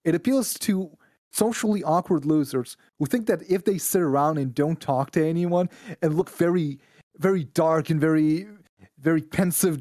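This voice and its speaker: A man's voice: a little high, darkish tone, dry recording, clean studio sound. A man from Israel, a podcast guest, ranting bluntly and with plenty of swearing in casual chat.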